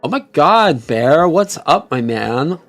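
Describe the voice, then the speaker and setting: A gossiping valley girl with slow, stretched-out slang, put on by a man. The voice sits a little above his usual talk and lingers on each word. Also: fairly high pitch, big pitch swings, fairly bright tone, soft background music, exaggerated voice. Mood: gossipy. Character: young valley girl, airy gossiping teen.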